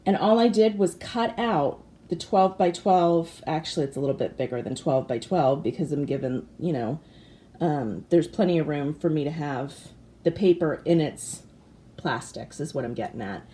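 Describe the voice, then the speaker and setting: A hoarse woman in her forties with a raspy voice, chatting casually and apologetically as she gives a tour of her craft room. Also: sits low, moderate pace, mellow, a little hiss or hum. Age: 40s. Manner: chatty and apologetic, with frequent fillers. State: hoarse from allergies. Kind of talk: casual home tour chat. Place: craft room and home office indoors.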